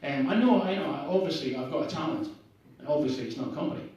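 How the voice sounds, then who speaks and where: A man's voice: fairly high pitch, expressive, fast, a little mellow, dull audio. Man, northeast Scottish accent, stand-up comedian, self-deprecating, rambling, very echoey bar, distant mic. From Scotland. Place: bar open mic night.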